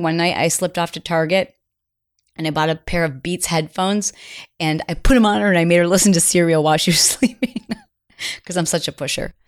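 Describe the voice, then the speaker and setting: A middle-aged woman hosting a podcast, telling a personal story in an earnest, confiding way that sometimes drops to a near whisper. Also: fairly low pitch. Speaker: podcast host.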